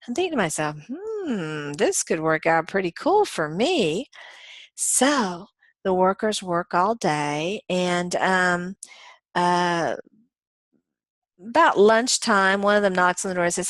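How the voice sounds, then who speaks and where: A woman's voice: lowish voice, no room sound. A woman instructor giving a recorded lecture, telling stories and acting out the dialogue in them. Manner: animated, acts out dialogue in the stories. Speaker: college instructor.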